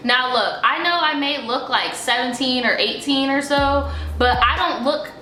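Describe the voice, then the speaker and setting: A young woman telling a storytime vlog in a sassy, profane, animated way, in an echoey room with faint music. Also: sits high, unhurried, few pauses. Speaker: vlogger.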